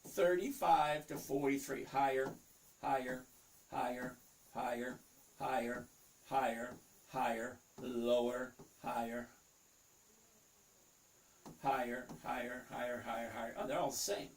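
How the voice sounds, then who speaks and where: A man's voice: medium pitch, little pitch movement, slow pace, long pauses. A man hosting a casual livestream, chatty, reading out viewers' names and questions and muttering to himself as he looks over charts. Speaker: livestream host answering chat.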